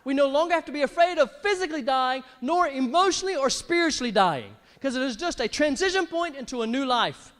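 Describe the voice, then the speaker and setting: A middle-aged male pastor preaching with a very high, lively voice that swoops up and down. His sermon rings through a large hall with a long reverb. He often bursts into exaggerated laughs. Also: a little fast, few pauses. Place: church hall.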